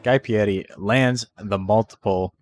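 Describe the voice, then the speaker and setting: A man with a fairly low voice commentates a game tournament stream in a loose, rambling way, cracking jokes and dropping curses as he talks. Faint music plays underneath. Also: a little slow. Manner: rambling, joking, swears freely. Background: faint background music.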